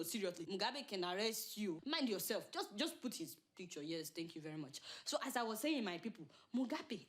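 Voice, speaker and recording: A woman hosting a satirical news show, chatty and sarcastic, bantering with her crew. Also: a little high. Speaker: show host.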